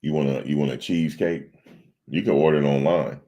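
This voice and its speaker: Very deep, gravelly man chatting casually. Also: a little fast, dark tone. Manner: rambling, talks to viewers in chat. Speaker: livestream host. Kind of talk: casual livestream chat.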